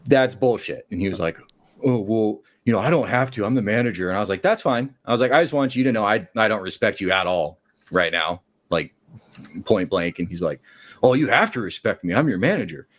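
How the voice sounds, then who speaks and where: Low-voiced man telling a work story. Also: brisk. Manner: animated, acts out quotes with shifting voices. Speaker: caller. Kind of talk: casual storytelling on a call-in show.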